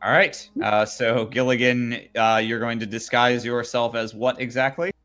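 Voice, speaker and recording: A young man acts as game master, narrating the scene in a loose, halting way with plenty of ums. His voice is bright and forward. Faint music plays underneath. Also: mid-range voice. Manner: relaxed, hesitant narration with many fillers.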